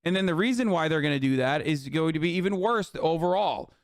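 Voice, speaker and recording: This brisk, fairly high-pitched man in his thirties swears and mocks his way through an angry political tirade on his stream, his intonation lively as he reads viewers' chat messages aloud.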